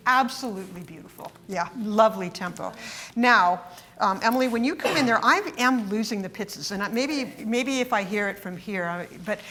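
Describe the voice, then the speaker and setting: A woman teaching a masterclass, coaching a chamber group with warm praise and short instructions between playing. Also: medium pitch, moderate pace. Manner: encouraging, praising often. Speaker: harp teacher leading a masterclass. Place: rehearsal room with instruments.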